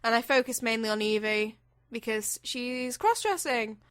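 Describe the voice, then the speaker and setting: A woman's voice: a little high, animated, normal speed, fairly bright tone, clear, resonant tone, dry recording, clean studio sound. A young woman co-hosting a casual podcast, rambling and chatty, swearing now and then. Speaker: podcast co-host. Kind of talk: casual chat.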